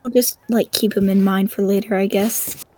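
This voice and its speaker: A woman's voice: medium pitch, fairly even intonation, normal speed, darkish tone. Hesitant woman player. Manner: hesitant, full of likes. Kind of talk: casual tabletop play.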